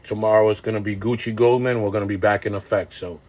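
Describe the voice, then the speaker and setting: A man's voice: lowish voice, fairly even intonation, fast talker, a little mellow. Man in his forties rambling in slang. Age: 40s. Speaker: vlogger. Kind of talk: casual monologue.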